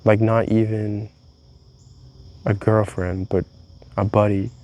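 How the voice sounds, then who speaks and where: A man's voice: lowish voice, flat delivery, slow, a little mellow. A young man vlogging a candid, rambling confessional monologue, swearing freely as he talks.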